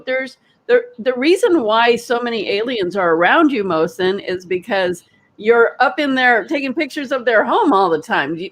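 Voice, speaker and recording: Animated woman telling a story. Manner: animated, laughing, quoting others in high voices. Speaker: energy healer and retreat leader. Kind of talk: casual storytelling chat.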